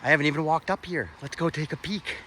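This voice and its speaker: A man's voice: a little high, fast, bright, forceful tone, a little hiss or hum. A man narrating a walking vlog outdoors on his phone, exclaiming in awe, now and then swearing and out of breath. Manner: exclaiming, awestruck, swears, talks to viewers. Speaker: vlogger exploring old bridges. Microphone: phone camera.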